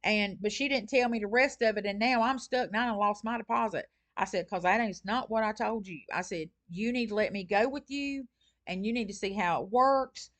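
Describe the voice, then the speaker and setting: A woman with a Southern US accent tells a story to her camera at home, the way a real estate agent vlogs to her viewers. She acts out both sides of a phone call. Her voice sits at an ordinary middle pitch. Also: a little fast, fairly bright tone. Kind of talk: casual vlog storytelling.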